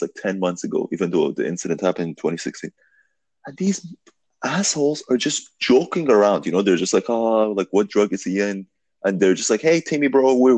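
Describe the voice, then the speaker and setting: A man telling a long story in a casual podcast conversation, animated and full of fillers, swearing now and then. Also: fairly low pitch, husky, no echo.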